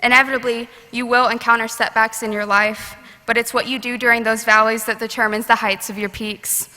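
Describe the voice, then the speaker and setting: Bright-voiced teen girl giving a graduation speech. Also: fairly high pitch, little pitch movement, fairly quick. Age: late teens. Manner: earnest, heartfelt delivery. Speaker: student graduation speaker. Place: large graduation venue. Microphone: podium microphone. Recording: long reverb of a large ceremony hall.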